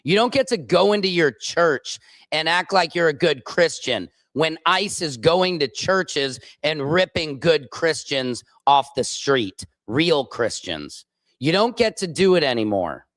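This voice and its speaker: Furious, slow-spoken male comedian ranting. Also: fairly high pitch, expressive, fairly bright tone, no room sound. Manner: furious, profane, emphatic. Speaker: comedian and show host. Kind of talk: angry political rant on a stream.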